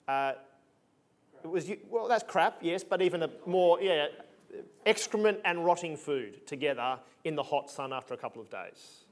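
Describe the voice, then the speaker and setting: A man preaching a sermon in a conversational, emphatic way with punchy asides. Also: a little high.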